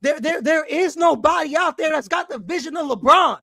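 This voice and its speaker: A man hosting a basketball fan show, ranting angrily with heavy profanity and frequent shouting. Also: very high-pitched, expressive, normal speed, gravelly, dry recording, studio quality. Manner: angry, profane, often shouting. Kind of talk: heated fan rant.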